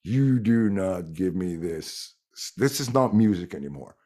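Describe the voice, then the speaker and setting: A middle-aged man with a Montreal accent whose first language is French, talking in a casual chat, animated and swearing freely. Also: deep voice, measured pace. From Montreal, Quebec. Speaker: guest musician.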